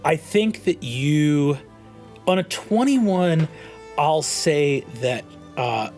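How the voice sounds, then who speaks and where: A man narrating a tabletop game as game master, in a relaxed, halting way with many fillers. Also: fairly high pitch, soft background music.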